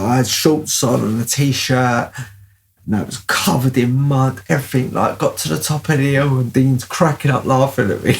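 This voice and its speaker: A man's voice: mid-range voice, vocal fry. A man telling a childhood story casually, rambling with lots of fillers.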